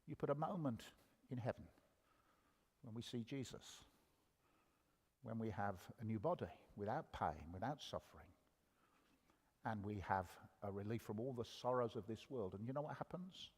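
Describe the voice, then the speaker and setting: A man's voice: medium pitch, expressive, normal speed, long pauses, a little mellow, breathy edge, in a large hall. An older man giving a conversational sermon with humor, asking the audience questions as he preaches. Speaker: guest preacher. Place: church hall.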